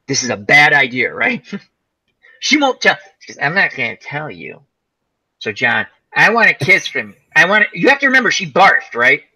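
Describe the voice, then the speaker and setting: Husky, bright, animated male storyteller. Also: a little high, normal speed, low-quality recording. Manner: animated, laughing storyteller, acts out quoted voices. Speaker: host. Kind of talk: casual storytelling chat.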